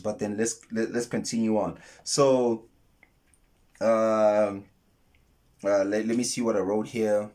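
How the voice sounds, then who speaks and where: A YouTube film commentator with a mid-range, slightly mellow voice gives a casual monologue breaking down a film. He's earnest, retells scenes, and often repeats or restarts words.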